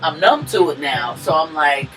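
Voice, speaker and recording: A woman co-hosting a podcast, telling a profane, animated story that swings between loud and hushed. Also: deep voice, moderate pace. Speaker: podcast co-host. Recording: distant mic with music behind.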